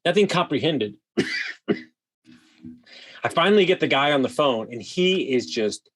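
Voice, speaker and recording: Man, podcast guest, slightly high voice, casual storytelling, animated, swears, lots of fillers. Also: measured pace. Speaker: guest, vacation rental host.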